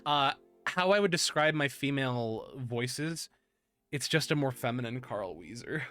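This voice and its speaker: A man's voice: medium pitch, expressive, unhurried, fairly bright tone, soft background music. A man hosting a casual podcast chat, rambling and restarting his sentences as he goes. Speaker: podcast host.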